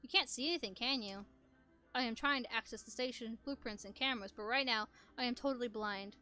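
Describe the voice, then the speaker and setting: A woman voicing a calm, kind male robot father figure in a game, speaking slowly and gently. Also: on the high side, soft background music.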